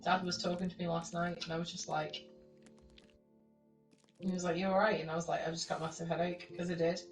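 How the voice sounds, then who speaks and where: A woman's voice: lowish voice, a little fast, reverberant, recorded from a distance, soft background music, low-quality recording. A young woman, a teacher, telling stories in casual chat, swearing and laughing often and acting out the people she quotes. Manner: animated storytelling, acting out quoted people with a raised voice.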